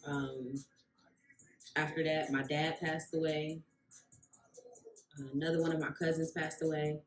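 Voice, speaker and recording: A woman tells her story in a casual vlog, acting out what each person said along the way. Her voice sits a bit low. The room around her is echoey. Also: measured pace, faint music behind. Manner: animated storyteller, acts out quoted voices. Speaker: vlogger, rug maker.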